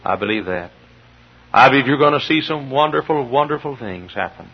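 A middle-aged man preaching a fervent sermon in a church, dropping to low murmurs and then rising to shouted peaks. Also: expressive, fairly quick, husky. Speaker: pastor. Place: church sanctuary. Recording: dull lo-fi sermon recording.

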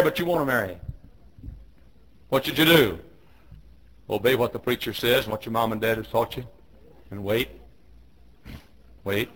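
A man in his fifties preaching a fiery sermon in a church, swinging from hushed low tones to shouted commands he hammers home again and again. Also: measured pace, pauses often, rough recording. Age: 50s. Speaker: pastor. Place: church auditorium.

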